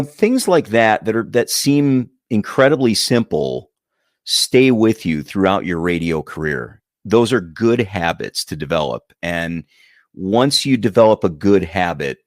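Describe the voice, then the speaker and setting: A man who works as a radio broadcaster, answering interview questions in a measured, clearly enunciated way. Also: low voice, dry recording, clean studio sound. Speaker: radio broadcaster and voice-over guest.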